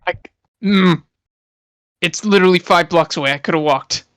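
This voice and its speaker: A man's voice: high-pitched, moderate pace, fairly bright tone, no room sound. A man playing his character in a tabletop game, making dry, wry teasing remarks. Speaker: player.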